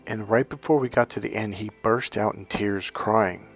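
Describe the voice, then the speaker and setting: Over soft background music, a middle-aged man with a fairly low voice speaks at a moderate pace, offering dating advice through a personal story. His manner is earnest and emphatic, and he occasionally acts out quotes from others.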